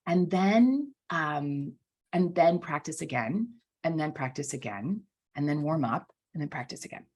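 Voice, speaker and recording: A woman speaking as a guest voice coach in a casual podcast interview, animated, often checking in with "right?" and repeating words for emphasis. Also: low voice, a little slow.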